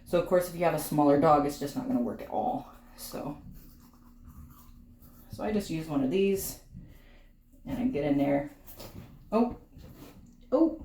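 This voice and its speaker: A woman's voice: deep voice, lively intonation, measured pace, pauses often, mellow. A woman casually chatting while grooming her dogs at home, teasing the dog and talking to viewers, sweaty from the work. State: sweaty from the effort. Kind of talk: casual chat while working. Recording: echoey room with faint clipper hum.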